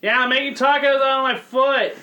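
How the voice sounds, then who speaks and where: A man's voice: extremely high pitch, a little fast. A young man co-hosting a comedy podcast, swearing freely and laughing often in casual banter. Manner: profane, excitable, laughs often. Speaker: podcast co-host.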